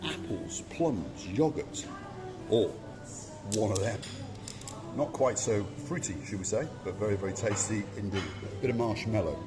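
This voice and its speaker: A man's voice: on the low side, measured pace. A man hosting a vlog, giving a playful, theatrical guided tour of a hotel. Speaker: vlog host. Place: outdoors and indoors at a hotel.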